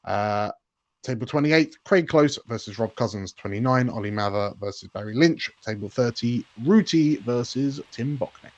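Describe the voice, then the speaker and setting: A man's voice: mid-range voice, lively intonation, normal speed, dry recording. Man reading a list, muffled dry sound. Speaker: guest reading the tournament draw.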